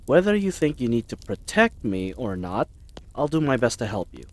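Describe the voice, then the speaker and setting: A man's voice: mid-range voice, big pitch swings, normal speed. A man in his forties voicing a babbling, bumbling, friendly knight who rambles and apologizes, in an audio role-play for the listener. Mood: eager, friendly. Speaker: voice actor.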